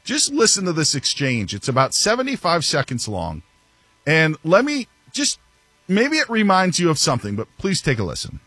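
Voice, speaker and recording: A man hosting a sports talk show who jumps up and down in pitch as he tells stories. He laughs often and pokes fun at himself. His voice sounds dry and close to the mic. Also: moderate pace, slightly rough, no room sound, faint music behind. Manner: animated, laughs often, self-mocking. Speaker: sports radio host. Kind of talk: casual talk show banter.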